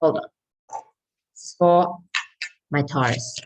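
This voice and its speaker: Woman tarot reader, slightly low voice, earnest and coaxing, keeps checking in with the listener. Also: noisy background. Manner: reads card messages aloud slowly. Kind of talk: tarot reading monologue.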